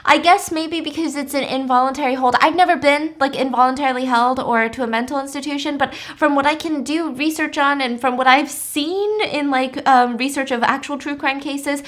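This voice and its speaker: A woman's voice: high voice, normal speed, hardly any pauses, fairly bright tone. A young woman hosting, telling a true crime story in a chatty, casual way with lots of fillers. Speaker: host.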